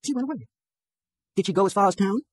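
A woman's voice: mid-range voice, fast talker, husky, no echo, poor audio. A woman reading literary fiction aloud as an audiobook narrator, narrating in first person and giving the dialogue in a rural dialect. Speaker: audiobook reader.

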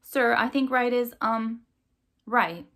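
A jittery male crow aide from a storybook, wringing his hands and rushing through his words, as a woman reading aloud puts him on. He trails into nervous hesitations. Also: on the high side, fairly bright tone, voice pushed up.

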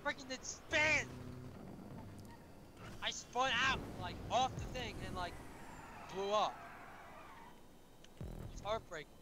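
Very high-voiced young man, noisy line. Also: expressive, takes it slowly, pauses often. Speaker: gaming friend. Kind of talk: casual gaming chat with friends.

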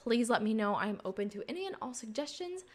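A young woman giving casual let's play commentary on a life-sim game, reacting excitedly and dramatically to what happens on screen. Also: a little high, quick pace. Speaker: gaming YouTuber.

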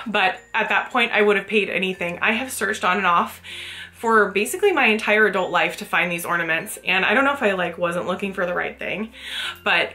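A young woman gushes her way through a haul vlog in a chatty, giggly way. Her voice is bright and forward, sitting at an ordinary middle pitch. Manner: gushing, chatty, laughs often. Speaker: vlogger.

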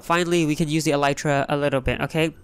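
A young man hosting a Minecraft let's play, talking in an excitable, rambling way. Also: on the high side, rapid-fire, slight background noise. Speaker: gaming channel host.

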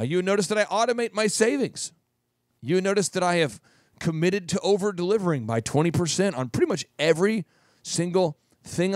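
A man from Minnesota hosting a podcast, talking through advice in a jokey, animated way with lots of repetition. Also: on the high side, no echo, studio quality. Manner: jokey, animated, repeats phrases. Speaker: podcast host and business coach. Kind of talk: advice monologue.

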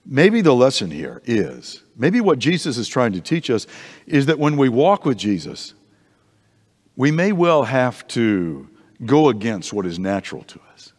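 A man teaching an adult Bible class in a church, conversational and animated, often restarting his sentences, in a reverberant hall. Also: mid-range voice, a little slow.

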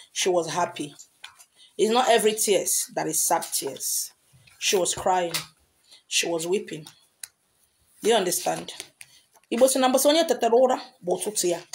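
A Nigerian woman talking to her followers as a spiritual teacher, emphatic and repetitive, slipping into Pidgin and Igbo. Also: medium pitch. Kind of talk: social media talk.

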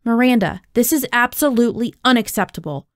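A woman reading aloud voices an angry, short-tempered male drama teacher who shouts and snaps at the students. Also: on the high side, expressive, fairly quick, no room sound, clean studio sound, pitched above the performer's own voice, natural voice. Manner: shouting, exasperated.

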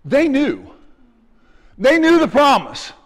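A man with a high voice delivers a sermon in a church sanctuary. He preaches with energy, acting out the people in his story and now and then shouting. His voice carries a long hall reverb. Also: slow pace. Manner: animated, acts out voices and shouts. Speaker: pastor.

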